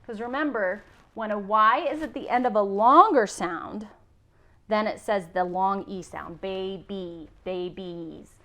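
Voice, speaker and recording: A woman teacher giving a recorded class lesson, slowly sounding out spelling rules in a patient, encouraging way. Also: medium pitch, bright, forceful tone. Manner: slow, patient, sounding out words.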